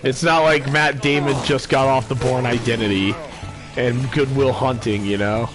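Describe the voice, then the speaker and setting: A man's voice: mid-range voice, fairly even intonation, normal speed. Rambling young man chatting over a game. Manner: rambling, full of "like" and restarts. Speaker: streamer. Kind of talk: casual chat over gameplay. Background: game music.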